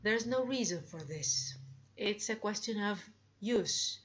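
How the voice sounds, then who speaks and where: Slow, upbeat woman teaching English grammar. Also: medium pitch, animated, dull audio. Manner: slow, drawn-out examples with upbeat prompts. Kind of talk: grammar lesson.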